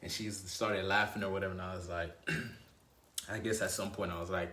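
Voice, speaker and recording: A man's voice: low voice, fairly even intonation, fairly quick, fairly bright tone, far from the mic, slight background noise. A man telling a personal story in a casual, rambling way, often checking in with "right?" and "you know what I mean". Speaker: dating advice host. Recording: roomy echo.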